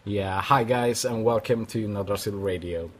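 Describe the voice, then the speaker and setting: A man hosting a casual interview, excitable, swearing and stumbling over his questions. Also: lowish voice, moderate pace, a little hiss or hum. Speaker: podcast host.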